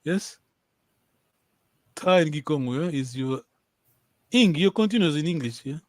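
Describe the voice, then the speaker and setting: A man's voice: a little high, expressive, unhurried, no room sound. A man teaching a language lesson over a video call, patiently repeating and checking that his students follow.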